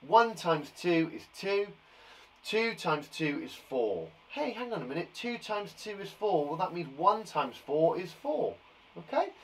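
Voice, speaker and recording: Lively, encouraging male primary teacher. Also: high voice, a little slow, poor audio. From England. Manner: encouraging, counts aloud, chatty asides to pupils. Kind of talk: live online maths lesson for young children.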